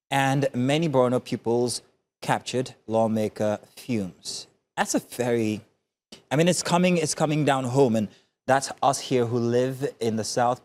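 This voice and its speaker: A man's voice: medium pitch, darkish tone. A man from Nigeria co-hosting a morning TV news show, reviewing the newspapers and teasing his co-host in chatty, jokey studio banter.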